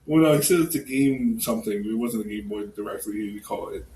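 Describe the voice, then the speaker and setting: A man co-hosting a casual podcast, animated and laughing often as he retells scenes. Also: fairly low pitch, fast. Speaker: podcast co-host. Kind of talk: casual chat. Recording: echoey room, faint hiss.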